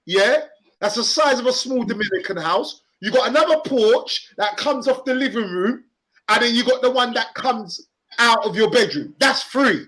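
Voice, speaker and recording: A man's voice: very high-pitched, expressive, normal speed, sharp tone, poor audio. A man with a Cockney accent hosting a casual live stream, chatty and upbeat, repeating phrases for emphasis. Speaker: vlogger and live-stream host.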